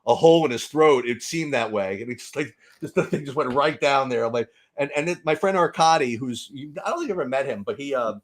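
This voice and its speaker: A man's voice: medium pitch, lively intonation, quick pace, few pauses. A man co-hosting a fantasy sports podcast, chatting casually and telling a long, rambling joke full of restarts. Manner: rambling storyteller with many restarts. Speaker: podcast co-host. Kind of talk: casual chat.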